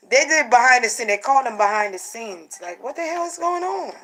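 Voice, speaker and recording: A woman doing a casual spiritual card reading for her channel, talking in an animated way, repeating phrases and acting out what others might say. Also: a little high, brisk, few pauses, low-quality recording. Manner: animated, repeats herself, acts out quotes. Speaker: tarot card reader.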